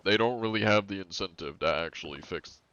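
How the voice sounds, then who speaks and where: Low-voiced man streaming casually. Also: fairly quick, bright, forceful tone, smooth, muffled recording. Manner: rambling, laid-back, chuckling asides. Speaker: game streamer. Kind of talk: casual live-stream chat.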